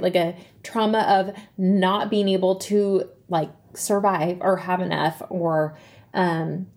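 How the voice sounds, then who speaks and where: A woman in her thirties speaks at a middle pitch, telling a personal story and then explaining what it taught her. She rambles, stacking fillers and "right?" checks. Her voice catches as if she is holding back tears. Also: a little mellow. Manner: rambling, with many fillers and tag questions. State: tearful, voice catching. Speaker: self-help speaker.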